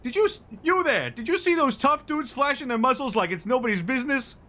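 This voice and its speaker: A man voicing an excitable, flamboyant male street photographer in a game, loud and theatrical. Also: very high voice, a little fast, voice pushed up, full character voice. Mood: gushing. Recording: noisy stream audio.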